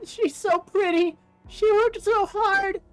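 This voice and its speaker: A woman voicing a distraught young female fan over a game, shouting with her voice cracking into tears. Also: very high-pitched, lively intonation, a little slow, soft background music, pitched above the performer's own voice, heavily acted. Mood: tearful. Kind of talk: live English dub over a game.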